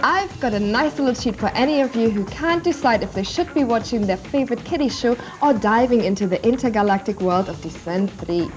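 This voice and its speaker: A woman's voice: on the high side, animated, fairly quick, hardly any pauses, faint music behind. A woman presenting a video game TV show in a wry, teasing manner. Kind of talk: scripted presenting with jokes. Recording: dull TV audio.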